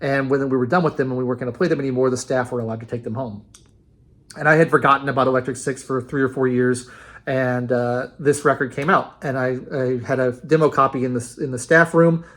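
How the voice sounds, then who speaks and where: A man's voice: medium pitch, steady tone, fast talker, fairly bright tone. A man casually ranking a band's albums in a rambling, enthusiastic monologue, with many fillers and restarts. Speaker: music reviewer.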